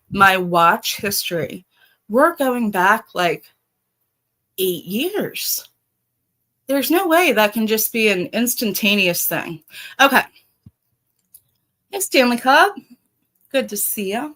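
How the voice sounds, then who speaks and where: A woman's voice: a little high, bright, forceful tone, low-quality recording. A middle-aged woman with a Baltimore accent hosting a casual livestream, blunt and profane, talking straight to her chat. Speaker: livestream host.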